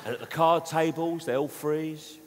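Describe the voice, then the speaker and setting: A man's voice: a little high, fairly even intonation, moderate pace. A man, a comedian, performing live stand-up, telling rambling anecdotes in a conversational way. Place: live theatre stage. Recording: reverberant live hall with noise.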